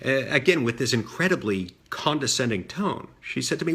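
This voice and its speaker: A middle-aged man telling a personal story in a measured way, with frequent fillers and restarts. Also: mid-range voice, animated, fairly bright tone, slightly rough. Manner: measured, many fillers and restarts, mimics voices in quotes. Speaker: senator recounting a childhood story. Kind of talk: storytelling monologue.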